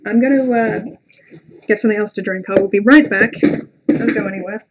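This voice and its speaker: A woman's voice: mid-range voice, brisk, muffled recording. Rambling woman chatting on a livestream. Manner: rambling, self-deprecating, swears, many fillers. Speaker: livestream host. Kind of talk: casual livestream chat with viewers.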